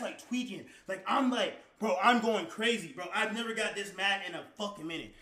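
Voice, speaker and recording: A man live streaming, telling a story to his chat in a profane, slang-heavy, rambling way that flares into shouting. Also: sits high, a little fast, hardly any pauses, roomy sound, a faint crowd, a little hiss or hum.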